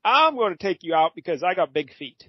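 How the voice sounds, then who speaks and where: A man's voice: high-pitched, very animated, fairly quick, breathy edge, no echo, pitched above the performer's own voice, heavily acted. A man doing a brash, boastful brawler hero. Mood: cocky. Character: brash burly male superhero. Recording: dull lo-fi podcast audio.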